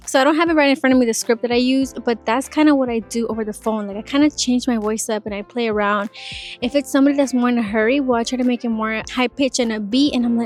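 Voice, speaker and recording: A woman's voice: fairly high pitch, fast talker, soft background music. A woman in her twenties, an insurance sales agent, chatting casually and animatedly in an advice vlog. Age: 20s. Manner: chatty, animated, demonstrates phone voices.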